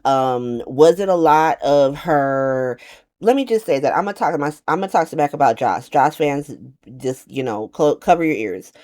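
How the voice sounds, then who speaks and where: A woman giving a casual, slangy recap to camera, animated and profane, often laughing and slipping into quick playful voices. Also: low voice. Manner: does quick playful voices for quoted characters. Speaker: soap opera recap vlogger.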